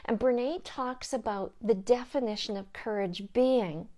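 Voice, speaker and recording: A middle-aged woman giving a gentle talk on coping with grief as a grief support counselor, soft-spoken and often dropping to a hushed whisper. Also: on the high side, slow pace.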